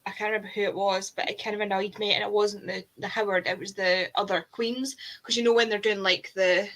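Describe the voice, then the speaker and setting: Animated woman on a video call. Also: mid-range voice, a little fast, poor audio. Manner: animated storyteller, acts out reactions. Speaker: booktuber on a group call. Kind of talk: casual chat.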